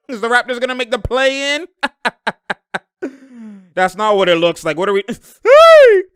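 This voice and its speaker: A young man giving loud, slangy live reaction commentary on a basketball game, laughing often and breaking into sudden outbursts. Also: high-pitched, animated, normal speed, smooth, dry recording, clean studio sound.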